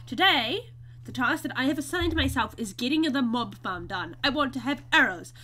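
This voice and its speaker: A woman's voice: sits high, expressive, moderate pace, pushed and bright. A woman giving let's play commentary on her survival game, melodramatic, breaking into squeals and mock wailing. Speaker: gaming YouTuber.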